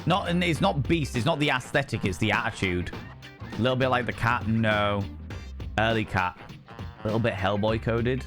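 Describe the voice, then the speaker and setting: A young man streaming a game, talking in an excitable, sweary, rambling way. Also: on the low side, normal speed, music in the background. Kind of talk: casual game commentary.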